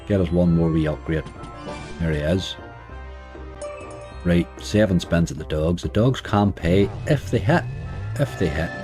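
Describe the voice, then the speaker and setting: A man with a deep, mellow voice gives loose, chatty commentary while he plays, muttering at the game and cheering it on. Faint music runs underneath. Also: measured pace, long pauses. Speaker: slots streamer. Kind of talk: casual commentary over gameplay.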